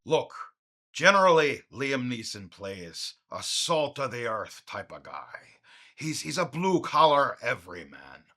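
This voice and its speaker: A man's voice: mid-range voice, sing-song, unhurried, pushed and bright, faint music behind. A man hosting a comedic movie commentary, ranting in a profane way and often raising his voice. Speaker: film commentary host.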